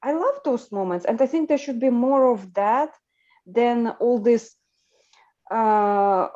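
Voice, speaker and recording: A woman hosting a livestream chat, talking in an animated way with lots of fillers and restarts. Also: a little high, takes it slowly, lo-fi sound. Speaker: livestream host. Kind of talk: casual group chat on a livestream.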